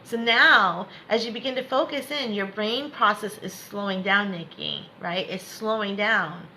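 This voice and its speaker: Bright-voiced woman coaching a meditation. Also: medium pitch, a little slow, a little hiss or hum, low-quality recording. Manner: encouraging, reassuring, addresses viewers by name. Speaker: spiritual coach. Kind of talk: live guided meditation lesson.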